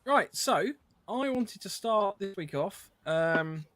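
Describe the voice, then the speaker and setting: Rambling podcast host with a fairly high voice. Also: male voice, slow pace, a little hiss or hum. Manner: relaxed, rambling, with frequent ums. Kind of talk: casual podcast chat.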